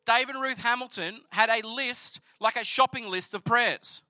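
A man with an Australian accent telling a personal faith story in an earnest, conversational, animated way. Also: very high-pitched, moderate pace, dry recording. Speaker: speaker sharing a personal testimony. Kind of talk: storytelling sermon.

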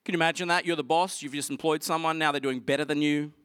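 A male preacher retells a scripture story in a lively, casual storytelling manner. His voice sits high and bright. The sound is close and dry. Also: fast, clear, resonant tone, no echo. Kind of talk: sermon.

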